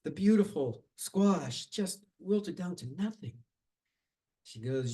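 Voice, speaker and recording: Animated male storyteller. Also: on the high side, a little slow, low-quality recording. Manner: animated, dramatic. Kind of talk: told tall tale at a live event.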